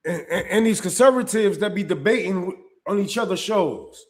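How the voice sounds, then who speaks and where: A man's voice: sits high, moderate pace, echoey room. A man hosting a live-stream commentary, talking in a profane, heated and blunt way and often restarting his sentences.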